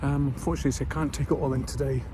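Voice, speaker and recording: A man's voice: medium pitch, flat delivery, rapid-fire. Scottish man vlogging on rainy streets. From Scotland. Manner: chatty, rambling with frequent fillers. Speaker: travel vlogger. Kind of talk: casual walking vlog narration. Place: outdoors in town streets and station, rainy. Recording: outdoor vlog with clear street noise.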